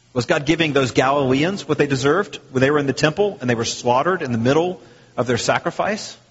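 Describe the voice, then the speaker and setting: In a husky, fairly high voice full of big rises and falls, this preacher delivers his sermon casually and animatedly, performing the lines he quotes. The recording is muffled and dull, and his speech trails off into a long hall echo.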